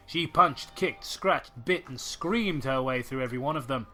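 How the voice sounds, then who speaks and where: Sarcastic male podcast host, bright voice, reads and rants. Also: medium pitch, moderate pace. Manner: sarcastic, swears, rants incredulously. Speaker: podcast host reading a story. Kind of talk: comedic story reading and commentary.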